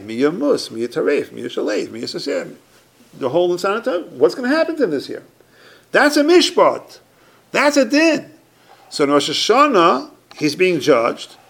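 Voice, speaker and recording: Lively, gravelly man teaching a Torah class. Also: fairly high pitch. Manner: emphatic, repeats points, asks and answers his own questions.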